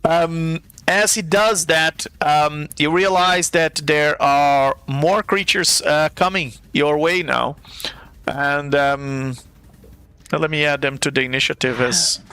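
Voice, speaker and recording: A man's voice: on the high side, fairly even intonation, slow pace, bright, forceful tone, clear, resonant tone, dry recording. A man running a live-play tabletop game as game master, narrating scenes in a playful, theatrical way.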